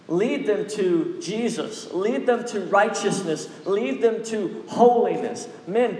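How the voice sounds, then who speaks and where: A man delivers a sermon in a fairly high voice, pressing his point again and again with an exhorting preacher's cadence. The sound is roomy, with a long reverb tail from a large hall. Faint ambient noise sits underneath. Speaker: pastor.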